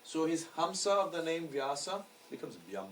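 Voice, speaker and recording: A man's voice: fairly high pitch, very animated, moderate pace. A man teaching a lecture class, explaining patiently and often checking that the students follow. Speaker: astrology teacher. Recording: distant mic with faint background noise.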